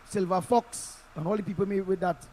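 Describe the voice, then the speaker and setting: A man's voice: sits high, fairly even intonation, fairly quick, warm tone, a little hiss or hum. A man with a Trinidadian accent giving impassioned political commentary, emphatic and repetitive, in local Creole phrasing, heard through an online call-in mic.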